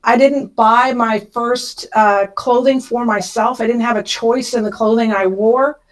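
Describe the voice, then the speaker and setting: Woman telling a personal story, slightly high. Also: steady tone, measured pace, rough recording. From Kansas. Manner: emotional, speeds up when retelling panic. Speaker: podcast guest.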